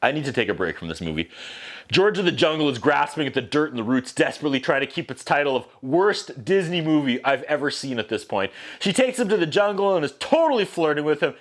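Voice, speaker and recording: Sarcastic, animated male movie reviewer. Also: medium pitch, fairly quick. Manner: sarcastic, animated, puts on voices for quotes. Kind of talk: sarcastic comedic movie recap.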